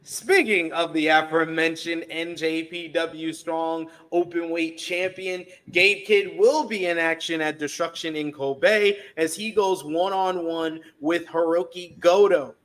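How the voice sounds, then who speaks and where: A man's voice: on the high side, a little slow, few pauses. A man co-hosting a live stream, breaking down an upcoming card in a casual chatty way and reading out viewer comments. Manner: reads out chat comments, chatty and animated. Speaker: podcast co-host previewing wrestling card.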